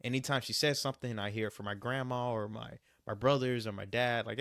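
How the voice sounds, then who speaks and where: A man's voice: lowish voice, fairly even intonation, quick pace, vocal fry, few pauses, a bit bright, no echo. Young man, travel vlogger, emphatic and repetitive, casual pep talk, dry close mic. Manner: emphatic, repeats his points, says "you gotta" a lot. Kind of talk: casual motivational vlog talk.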